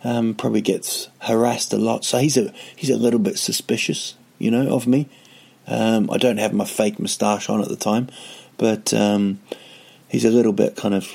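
A man's voice: on the low side, level tone, moderate pace, vocal fry, darkish tone, husky. A man, a comedian hosting a podcast, telling a rambling comic story with self-mocking jokey asides. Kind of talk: casual comedic monologue.

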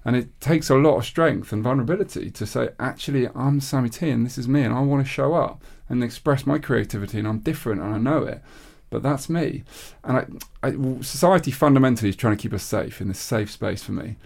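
Fast-talking earnest English man. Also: mid-range voice, gravelly, darkish tone. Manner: earnest, encouraging. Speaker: podcast co-host. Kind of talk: casual chat.

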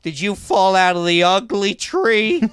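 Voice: mid-range voice, big pitch swings, measured pace, a bit bright, smooth, dry recording. A performer improvising a brash woman who mocks a clumsy flirt with scornful put-downs, in a comedy improv game.

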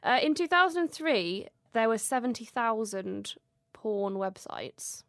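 A woman's voice: a little high, lively intonation, takes it slowly, no echo, studio quality. A woman co-hosting a podcast in casual chat, giggling often as she presents facts she has researched, recorded remotely over a video call. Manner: giggly, chatty, laughs through her facts.

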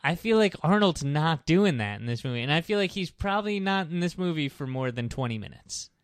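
A man in his thirties co-hosting a movie podcast, skeptical and wry, with quick asides. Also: fairly high pitch, animated, no room sound, clean studio sound. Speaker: podcast co-host. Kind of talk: casual chat about movies.

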